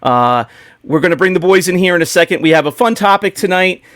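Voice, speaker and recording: A man's voice: high voice, lively intonation, quick pace, a bit bright, no room sound, studio quality. A man hosting a casual podcast, opening the show in an upbeat, joking way. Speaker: podcast host.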